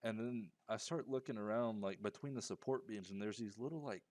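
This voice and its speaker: A young man with a fairly low voice tells a storytime tale in a loose, rambling way, stumbling over restarts and fillers. The sound is dry and close, with no room around it. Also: fairly quick, a little mellow, no echo. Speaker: storyteller vlogger. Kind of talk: casual storytime monologue.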